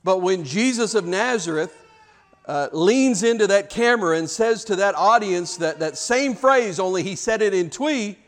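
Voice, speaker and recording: High-voiced preacher telling a story. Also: male voice, animated, normal speed, in a large hall. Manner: storytelling, swings from hushed low passages to loud shouted peaks; repeats words and restarts often. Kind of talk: sermon.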